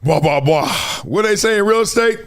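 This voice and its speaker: A middle-aged man hosts a live sports talk stream in a high, bright register. He tells stories with emphatic energy and acts out the voices of people he quotes. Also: expressive, normal speed, gravelly. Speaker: host.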